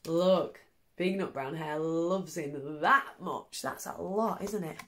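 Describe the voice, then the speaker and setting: A woman teacher reads a picture book aloud to young children from her sofa at home. She talks slowly and gently and keeps inviting the children to join in. Her voice sits a little low. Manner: warm, gentle and encouraging.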